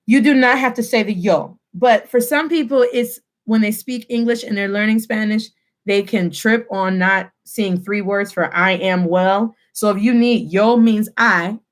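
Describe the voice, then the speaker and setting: A woman in her thirties teaching a lively online language lesson to students, mixing English and Spanish and repeating phrases as drills. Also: mid-range voice, a little slow. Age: 30s.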